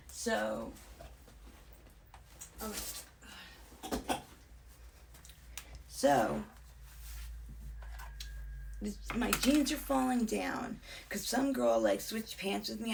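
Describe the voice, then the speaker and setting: A young woman vlogger talks candidly, her voice heavy with vocal fry. Her pitch swings widely as she chats, sometimes falling to a whisper, and she sits a little back from the mic. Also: recorded from a distance, slight background noise. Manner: candid and chatty, often drops into whispers. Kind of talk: casual storytelling.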